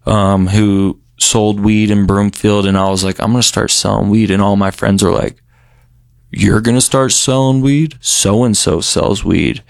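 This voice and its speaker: A young man from Colorado telling his recovery story in a relaxed, rambling way, full of "you know" and "um.". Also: fairly low pitch, dry recording, clean studio sound. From Colorado, USA. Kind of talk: casual recovery story interview.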